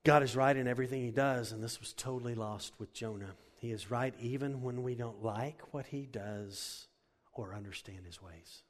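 Brief: male pastor, mid-pitched, earnest and emphatic, long church-hall reverb. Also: normal speed. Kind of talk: sermon. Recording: echoey hall.

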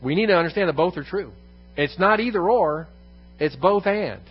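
A man's voice: high-pitched, animated, normal speed, husky, highs cut off, soft background music. A man teaching a congregation in an evening Bible lesson, repeating key phrases for emphasis and putting questions to the room. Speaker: pastor. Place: church room.

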